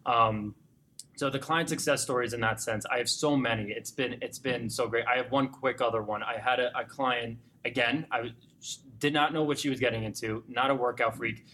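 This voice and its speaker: A man's voice: medium pitch, moderate pace, slight background noise. Enthusiastic male fitness coach telling client stories. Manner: animated storyteller, grows excited and emotional when recounting clients. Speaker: fitness gym owner or coach. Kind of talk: conversational interview storytelling.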